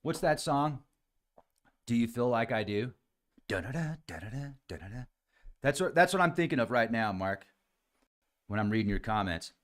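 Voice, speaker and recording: Guy hosting a livestream, super animated, voice jumps all over, casual chatty vibe. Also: medium pitch, moderate pace, long pauses. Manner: animated, chatty, addresses viewers by name, says "man" often. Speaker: podcast host reading live chat comments.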